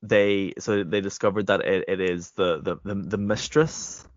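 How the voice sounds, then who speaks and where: A man's voice: deep voice, fairly even intonation, a little slow, dry recording, dull audio. A man co-hosting a podcast, recapping a TV episode casually with hesitant restarts. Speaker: podcast co-host. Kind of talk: casual chat reviewing a TV episode.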